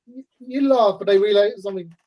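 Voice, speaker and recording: Someone mid-pitched, jumps in with quick side remarks. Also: muffled recording. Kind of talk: casual chat.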